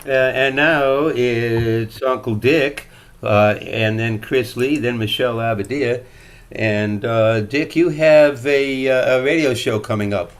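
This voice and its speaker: A man emcees a virtual open mic over a video call. His voice sits at an average pitch. He keeps his remarks short and relaxed. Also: slow pace. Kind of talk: casual emceeing.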